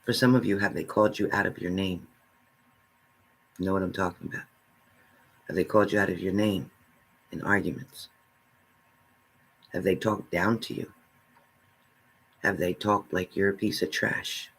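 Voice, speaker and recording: A man's voice: low-pitched, moderate pace, long pauses, fairly bright tone, husky. A man giving a spiritual reading, speaking earnestly and straight to the listener, repeating his phrases. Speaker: spiritual reader.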